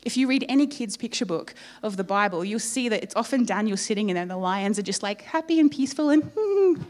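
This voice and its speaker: A woman preaching a sermon in church, telling the story in a lively way with playful asides to the congregation. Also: medium pitch, fast talker.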